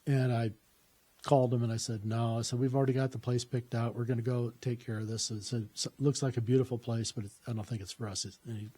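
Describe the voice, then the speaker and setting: Mellow-voiced man telling a rambling story. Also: medium pitch, level tone, fast, breathy edge. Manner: rambling, many fillers and restarts. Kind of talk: personal anecdote, casual storytelling.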